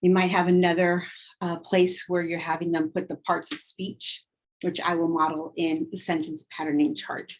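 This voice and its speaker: A woman's voice: on the low side, slight background noise. A woman teacher modeling a vocabulary lesson, acting out feelings in her examples and then explaining her method. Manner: expressive, acts out emotions in examples, slow deliberate delivery. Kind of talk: teacher demonstration.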